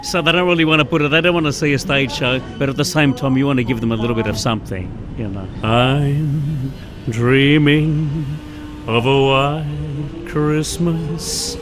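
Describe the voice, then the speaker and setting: A man who works as a train station announcer, speaking in a casual interview in a shy but animated way and laughing easily, recorded on an outdoor station platform. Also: mid-range voice, very fast, hardly any pauses, over music. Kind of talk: casual interview, with bits of singing.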